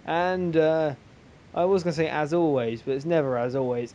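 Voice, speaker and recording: A man hosting a casual group podcast, rambling and joking between quick asides. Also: fairly high pitch, dark tone, lo-fi sound, a little hiss or hum. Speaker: podcast host.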